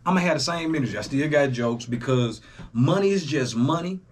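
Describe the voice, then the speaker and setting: A young man, hosting a reaction channel in a casual, profane monologue that swings between loud jabs and low asides. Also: lively intonation, a little fast, husky. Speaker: YouTube reaction host.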